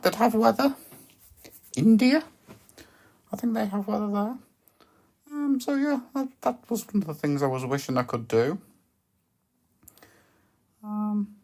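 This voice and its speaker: Woman, podcast host, deadpan rambling monologue, hesitant with ums, lively swooping pitch, gravelly fry. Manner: deadpan, hesitant, full of ums and self-corrections.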